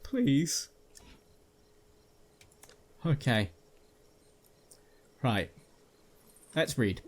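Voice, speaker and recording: A man commentating on his own gameplay into a headset, chatting to his viewers as he goes. His pitch swings widely as he jokes and jumps at whatever he hears in the game. His voice sits at a middle pitch for a man. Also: very animated, measured pace, long pauses, a little mellow. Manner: jokey, jumpy, talks to viewers while playing. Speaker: gaming video creator.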